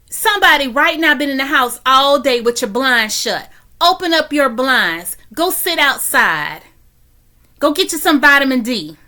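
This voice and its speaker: A woman with a high, bright voice preaches encouragement to her viewers from a guest bedroom at home. She repeats her phrases in a rousing, preacher-like rhythm and calls on the audience to answer. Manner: exhorting, repetitive, preacher-like cadence. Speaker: motivational speaker. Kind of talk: faith-based motivational talk to camera.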